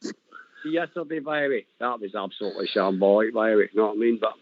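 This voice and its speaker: Gravelly Scottish caller on a tinny phone line. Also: male voice, fairly low pitch, fast, no room sound. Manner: animated, rambling, laughs often, says "man" and "mate". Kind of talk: casual chat on a call-in show.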